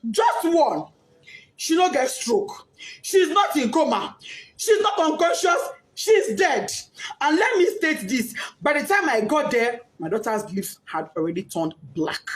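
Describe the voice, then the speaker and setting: A grieving Nigerian mother giving a tearful, impassioned testimony, often breaking into shouts and sobs. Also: high-pitched, big pitch swings, unhurried. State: crying, distraught. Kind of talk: emotional testimony.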